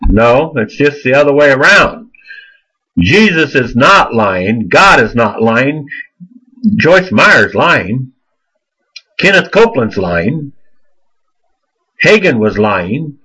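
Husky-voiced man preaching emphatically. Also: medium pitch, big pitch swings, slow, long pauses, pushed and bright, rough recording. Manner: emphatic, repeats himself, rhetorical questions. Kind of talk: sermon.

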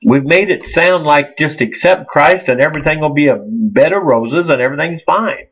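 A man preaching an informal sermon, earnest and halting, often repeating his words. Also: a little high, a bit bright, slightly rough. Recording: muffled lo-fi recording.

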